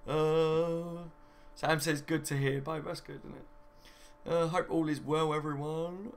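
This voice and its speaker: A man's voice: fairly high pitch, level tone, takes it slowly, pauses often. A young man hosting a casual live stream from home, reading viewer comments and laughing often. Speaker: fan channel host.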